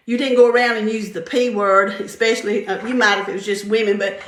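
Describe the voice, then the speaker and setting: A woman's voice: steady tone, fast, a bit bright, a little hiss or hum. Chatty older woman in a roomy room. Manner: chatty storyteller, laughs often, mimics others in a higher voice. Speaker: vlogger sharing faith-based encouragement. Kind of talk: casual devotional talk. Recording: roomy echo.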